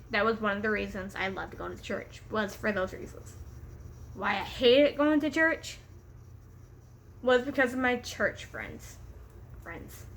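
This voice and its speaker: A woman's voice: on the high side, fairly bright tone. Giggly, cussing young woman vlogger. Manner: giggly, rambling, profane, easily distracted. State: caffeine-hyper. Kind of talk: casual storytime vlog. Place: home room with a pet bird.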